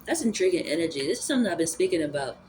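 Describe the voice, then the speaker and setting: A spiritual vlogger muses aloud about energy and spirituality in a loose, rambling monologue packed with fillers and restarts. Her voice sits at medium pitch with a sing-song lilt and a darkish tone, and she talks rapid-fire over slight background noise.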